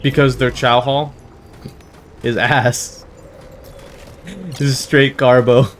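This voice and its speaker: A young American man hosting a casual let's-play, telling rambling, animated stories with laughs and swearing. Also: mid-range voice, slow. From United States. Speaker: gaming channel host.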